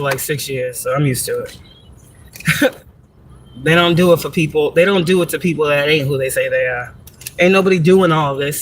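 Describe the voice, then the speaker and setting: A woman vlogging from a parked car in a casual, rambling monologue, profane and animated, laughing often as she tells stories. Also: low voice, slight background noise. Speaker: spiritual reader and vlogger.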